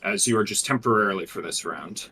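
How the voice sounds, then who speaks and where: A man's voice: lowish voice, quick pace, sharp tone, slightly rough. A man running a tabletop game as dungeon master, narrating loosely with many fillers and restarts.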